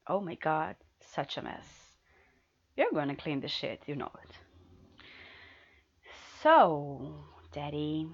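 Woman for adult audio role-play: teasing, commanding, slightly low voice, swings from hushed to loud, muffled lo-fi recording. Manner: swings between hushed murmurs and loud outbursts.

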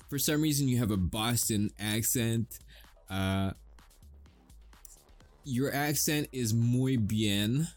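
A man's voice: lowish voice, a little mellow. An American man who makes audio roleplays, chatting casually and rambling to his listeners, swearing and chuckling often.

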